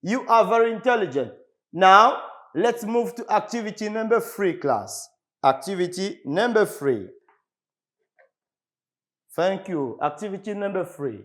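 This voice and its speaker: Slow, lively-pitched man teaching a class. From Republic of the Congo. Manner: slow, repetitive, drilling words for the class. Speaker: English teacher. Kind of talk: televised classroom lesson.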